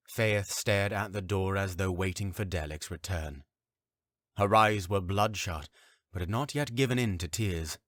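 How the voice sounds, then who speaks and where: A man narrating a fantasy audiobook in a calm, even, deliberate reading style at a close mic. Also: low voice, no room sound.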